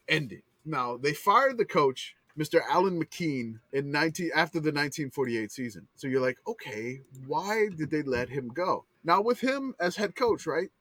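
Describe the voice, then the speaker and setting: A man with a somewhat high voice hosts a casual sports podcast, walking through old records with eager running commentary. His voice is close and dry, with no room sound around it. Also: a bit bright, no echo. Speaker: podcast host. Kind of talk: casual chat.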